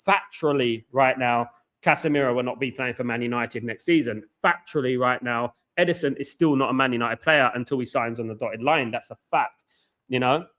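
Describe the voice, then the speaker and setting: A medium-pitched married man runs a football watchalong stream, chatting casually but fast and fervently. He buzzes with excitement, loops back over phrases, and reads chat aloud with plenty of shout-outs, speaking into a headset mic.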